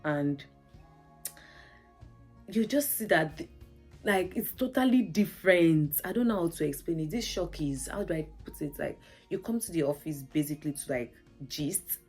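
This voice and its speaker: A woman's voice: low voice, lively intonation, moderate pace, darkish tone, breathy edge, faint music behind. A Nigerian woman vlogging in a casual, chatty, storytelling way, laughing often and saying "like" a lot. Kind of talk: casual chat to camera.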